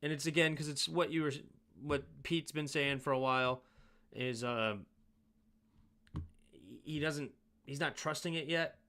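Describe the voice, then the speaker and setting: A man's voice: fairly high pitch, steady tone, measured pace, long pauses, pushed and bright. Casual man breaking down game film. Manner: analytical, thinks aloud, self-mocking asides. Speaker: sports show host breaking down game film.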